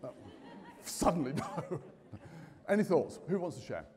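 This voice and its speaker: A man's voice: a little high, a little slow, some chatter behind. A man hosting a live conference, chatty and jokey, putting questions to the audience. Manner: lively, jokey, quizzing the audience. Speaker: conference host. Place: large conference hall. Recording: reverberant hall.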